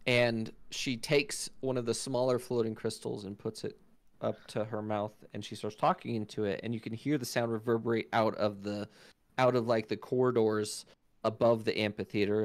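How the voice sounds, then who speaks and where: Animated male game master. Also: fairly low pitch, moderate pace, no room sound. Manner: animated storytelling with spoken sound effects. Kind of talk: narrating a tabletop game.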